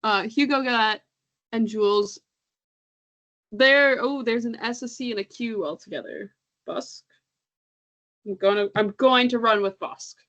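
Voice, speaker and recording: A woman's voice: fairly high pitch, unhurried, long pauses, a bit bright, lo-fi sound. A woman co-hosting a casual podcast, chatty and laughing often, stumbling over names as she reads them out. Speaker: podcast co-host. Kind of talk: casual chat.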